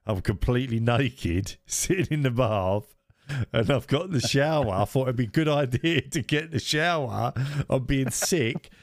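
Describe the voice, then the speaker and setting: A man's voice: mid-range voice, animated, measured pace, no echo, studio quality. A man in his forties, co-hosting a podcast and rambling through a funny story while laughing at himself. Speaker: podcast co-host. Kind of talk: casual storytelling chat.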